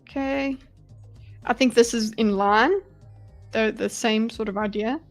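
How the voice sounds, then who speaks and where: High-voiced woman streamer, blunt and animated. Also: unhurried, faint music behind. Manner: animated, blunt, swears and laughs. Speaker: livestream host analysing a debate. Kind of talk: live reaction commentary.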